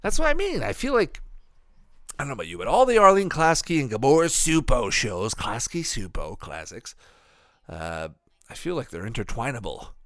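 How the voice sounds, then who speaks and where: Swearing, animated man reviewing cartoons. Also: mid-range voice, normal speed, no room sound, studio quality. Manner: profane and offhand, mocking asides. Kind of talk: casual rambling watch-along commentary.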